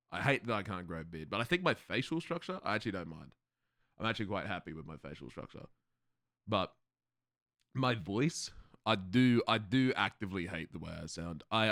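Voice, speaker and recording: A man's voice: mid-range voice, no room sound, clean studio sound. A male streamer chatting casually with his viewers, swearing freely and laughing often. He has a slight lisp and slurs his words at times. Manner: animated, profane, laughs often. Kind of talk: casual livestream chat with viewers.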